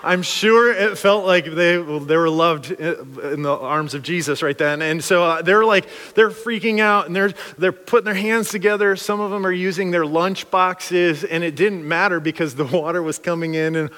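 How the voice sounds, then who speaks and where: A man preaching a sermon through a funny, animated story, acting out the people he quotes. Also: high voice, normal speed, hardly any pauses, big-room sound. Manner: animated, joking, acts out quotes.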